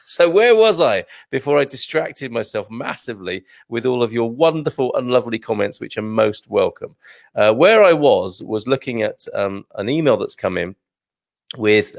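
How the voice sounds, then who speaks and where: A British man hosts a livestream from a small studio, rambling casually through viewer comments and chuckling at himself in a self-deprecating way. His voice is medium-pitched and creaky, and the studio recording is clean with no echo.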